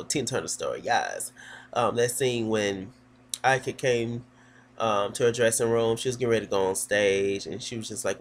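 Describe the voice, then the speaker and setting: A man's voice: lowish voice, a little hiss or hum. Sassy man gossiping through a recap. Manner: sassy, gossipy storytelling with many fillers. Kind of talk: casual TV episode recap.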